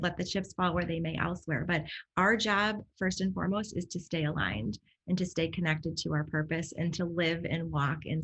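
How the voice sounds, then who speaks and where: A woman's voice: lowish voice, fairly bright tone, low-quality recording. A woman hosting a podcast interview, speaking in an affirming, emphatic way and checking in with tag questions. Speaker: podcast host. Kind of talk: conversational interview.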